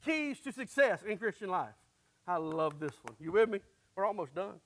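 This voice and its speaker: A preacher with a strikingly high-pitched voice reads faith declarations one after another. He is a man who speaks with emphatic, declaring force. He sounds slightly winded as he presses on. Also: very animated, moderate pace, fairly bright tone, no echo. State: out of breath. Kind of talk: sermon reading faith declarations.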